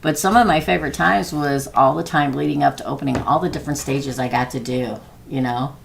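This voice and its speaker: Chatty middle-aged lady doing live tarot, low gravelly voice, laughs a lot. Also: steady tone, a little fast, a little hiss or hum. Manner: chatty, laughs often, talks to viewers by name. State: prone to losing her voice. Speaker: tarot reader. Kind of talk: live-stream tarot reading.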